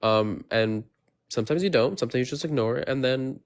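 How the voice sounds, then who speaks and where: A man speaking as a guest on a casual live stream, with a voice pitched in the middle range. He is playful and talkative, laughing easily as the conversation moves along. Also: a little fast. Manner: chatty, playful, laughs often.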